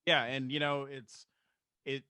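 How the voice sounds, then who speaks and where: Bright-voiced earnest male podcast host. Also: medium pitch, flat delivery, a little slow, clean tone, no room sound. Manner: earnest, filler-heavy. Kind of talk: casual chat.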